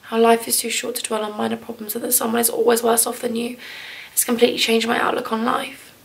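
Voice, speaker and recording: A young woman talks to her vlog camera in her living room. Her voice sits a touch high, and she gushes with upbeat emotion, a little teary as she goes. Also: flat delivery, fast, creaky. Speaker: vlogger. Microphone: handheld vlog camera.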